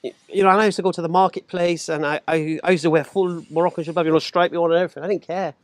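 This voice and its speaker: A man, telling stories as a podcast guest, animated and laughing as he acts out other voices. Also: fairly high pitch, racing, dry recording. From England. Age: 40s. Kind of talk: casual storytelling chat.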